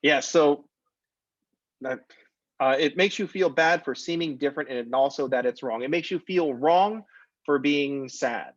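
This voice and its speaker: A man's voice: on the high side, unhurried, no echo, highs cut off. A man teaching a math class in a recorded lecture, talking in a conversational, jokey way that drifts off topic. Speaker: math instructor.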